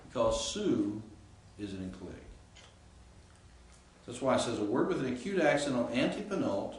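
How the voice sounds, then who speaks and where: A man's voice: mid-range voice, animated, normal speed, distant mic. Man lecturing in an echoey classroom. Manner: explanatory, informal, asks students questions. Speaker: Greek professor. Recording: echoey classroom recorded from afar with faint hiss.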